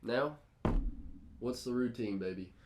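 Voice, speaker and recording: A young man co-hosting a casual podcast, telling stories in an excitable, hype-filled way. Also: medium pitch, measured pace, background noise. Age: young adult. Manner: excitable storyteller, lively and hype-driven. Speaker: podcast co-host.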